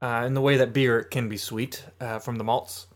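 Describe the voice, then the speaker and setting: A man's voice: medium pitch, flat delivery, moderate pace. A man co-hosting a casual beer tasting, joking and describing flavors. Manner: easygoing, jokey, descriptive. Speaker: co-host of a beer tasting show.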